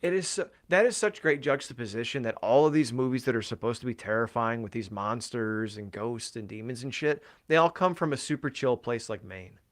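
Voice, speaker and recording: A man's voice: mid-range voice, fairly quick, few pauses. A man chatting casually on a podcast, rambling through his thoughts with plenty of swearing and filler words. His voice sounds worn from a long day of talking. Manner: rambling, profane, lots of fillers. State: voice tired from talking all day. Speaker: podcast co-host.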